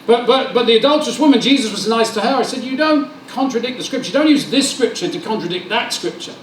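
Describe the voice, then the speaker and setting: Animated preacher in a hall. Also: male voice, very high-pitched, quick pace, a little hiss or hum. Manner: animated, joking, acts out dialogue. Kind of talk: lively sermon with storytelling. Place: church hall. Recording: roomy hall sound, mic at a distance.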